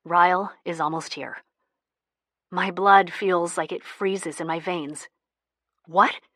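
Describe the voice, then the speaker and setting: Woman narrator, first-person audiobook, lowish pitch, bright tone, dry close sound. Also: no echo.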